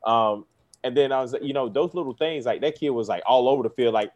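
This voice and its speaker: A man who coaches football tells lively stories in casual chat and acts out the kids' lines. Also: mid-range voice, fast talker, muffled recording. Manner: animated storyteller, acts out kids' voices, laughs often.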